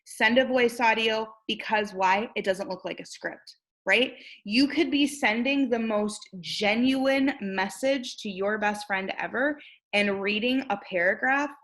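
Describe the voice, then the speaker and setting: A woman's voice: on the high side, unhurried, fairly bright tone, rough recording. A young woman coaching on recruiting in a bubbly, chatty way, acting out sample messages and checking in with "right?" as she goes. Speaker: network marketing recruiter and trainer. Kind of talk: casual coaching talk.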